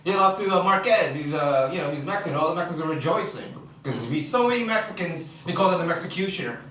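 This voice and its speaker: A young man from the Philippines doing an animated stand-up set with crowd work, shouting some punchlines. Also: on the high side, quick pace. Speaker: stand-up comedian. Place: comedy club stage. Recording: echoey club recorded from far off with noise.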